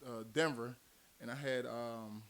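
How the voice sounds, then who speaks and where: This Miami-born ex-football player speaks at a medium pitch with a steady, slightly bright tone and a measured pace. Recorded in a studio, he wanders through lengthy anecdotes in relaxed conversation, often breaking into laughter between points.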